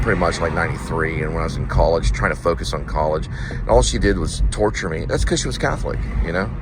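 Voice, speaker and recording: A low-voiced man of around fifty from Texas rants and rambles from topic to topic as he drives his delivery route. His talk is blunt and full of swearing. The steady hum of the car and road sits clearly behind him. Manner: ranting, profane, jumps between topics. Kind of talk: rambling talk while driving. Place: inside a car.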